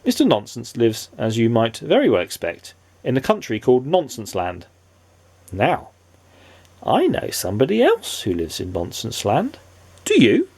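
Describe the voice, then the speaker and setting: A man reading a children's storybook aloud with animated, playful asides to a child listener. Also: medium pitch, normal speed, vocal fry, slightly rough, no echo.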